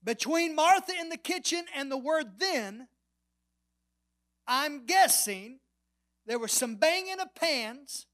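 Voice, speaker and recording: Speaking slowly and pausing often, a pastor with a very high-pitched voice and lively intonation preaches a sermon. His storytelling swings widely between loud and soft, and he drops nearly to a whisper as phrases end, for emphasis.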